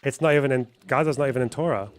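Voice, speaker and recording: A man's voice: mid-range voice, very fast. A young man from Scotland with an Aberdeen accent, arguing a point on a livestream with rhetorical questions. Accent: Scottish, Aberdeen. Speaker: streamer host. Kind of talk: casual livestream talk.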